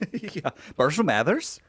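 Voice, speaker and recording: A man's voice: a little high, big pitch swings, slow, fairly bright tone, breathy edge. A man from Alaska joking and coaching his partner on a casual game stream. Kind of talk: casual gaming stream chat.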